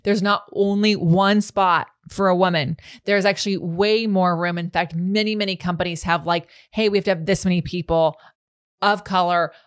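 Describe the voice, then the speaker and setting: A woman's voice: on the low side, steady tone, moderate pace, no room sound, studio quality. Rambling, reflective woman host. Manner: reflective, thinks aloud with many "like" fillers and restarts. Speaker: podcast host. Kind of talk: casual conversational interview.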